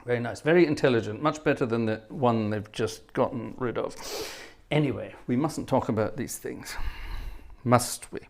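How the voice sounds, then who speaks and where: The livestream host, an organist, talks casually between pieces, telling self-deprecating anecdotes in a chatty way; his mid-range voice moves at normal speed and carries vocal fry.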